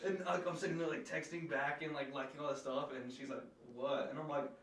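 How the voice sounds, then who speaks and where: Bright-voiced young man, echoey room. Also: fairly high pitch, brisk, distant mic, a little hiss or hum. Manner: animated storyteller acting out quotes. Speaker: podcast co-host. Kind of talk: casual podcast chat. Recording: echoey room, away from the mic.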